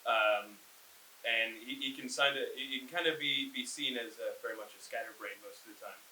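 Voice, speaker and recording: A man's voice: mid-range voice, a little fast, sharp tone, distant mic, a little hiss or hum. A young man, a stage actor, earnestly describing his characters, often stumbling over words. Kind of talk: casual interview. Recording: echoey room, from off mic.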